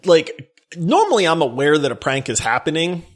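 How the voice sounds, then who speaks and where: A man co-hosting a podcast, telling a story in an animated way, laughing and breaking into near-shouts. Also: fairly high pitch, moderate pace. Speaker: podcast co-host.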